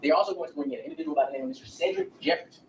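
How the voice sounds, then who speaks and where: This defense attorney's opening statement comes in a very high, creaky, darkish voice with wildly swooping pitch and very fast delivery, as he addresses the jurors directly and acts out witness quotes. He's far from the mic, and the rough recording has a little hiss or hum.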